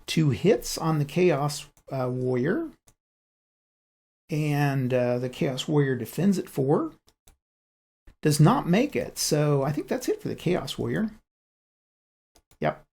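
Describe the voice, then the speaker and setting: A man's voice: a little high, sing-song, gravelly, a little mellow, breathy edge. A man narrating his own solo board game playthrough, thinking aloud as he rolls dice and moves pieces. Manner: unhurried, thinking aloud while rolling dice. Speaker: board game channel host.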